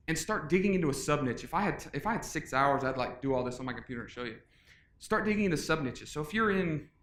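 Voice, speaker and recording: A middle-aged man gives an upbeat, casual conference talk and jokes with his listeners. His voice sits a little high. The sound carries the echo of a large room. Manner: energetic, casual, joking with the audience. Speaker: conference speaker. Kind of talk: live presentation.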